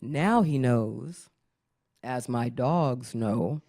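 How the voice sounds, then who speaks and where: Speaking extremely slowly in a bass voice, a middle-aged woman does a stand-up routine before a live audience. Her storytelling is animated, full of acted-out voices and frequent laughter.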